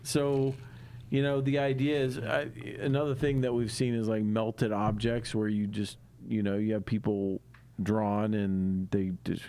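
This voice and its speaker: A man's voice: on the low side, completely flat delivery, unhurried, dark tone, clear, resonant tone. A man co-hosting a podcast, chatting casually and easily, with frequent fillers and laughs. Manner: easygoing, laughs often, many fillers. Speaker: podcast co-host.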